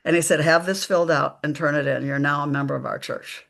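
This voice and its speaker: A woman, a psychic medium guest, telling stories slowly and emphatically in a live conversation, acting out the dialogue. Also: low voice, steady tone, creaky, a bit bright. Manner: slow, emphatic storytelling with quoted dialogue.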